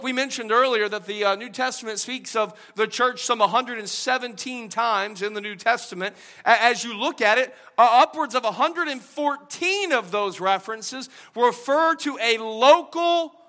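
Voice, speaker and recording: A man pastor preaching a sermon, moving between quiet, low-key teaching and loud, emphatic preaching, and repeating key phrases for emphasis.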